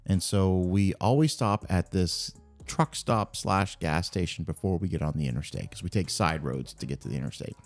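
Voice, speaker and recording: As a podcast guest, a man tells funny personal anecdotes in a casual, animated way, acting out the voices of the people in his stories. His voice is low-pitched and moderately paced, with hardly any pauses and faint music behind him.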